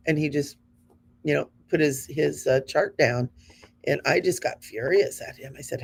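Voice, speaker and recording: Earnest woman in her fifties, gravelly. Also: low-pitched, fairly even intonation, normal speed. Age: 50s. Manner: earnest, encouraging, conversational. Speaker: spiritual show host. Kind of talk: spiritual talk to the audience.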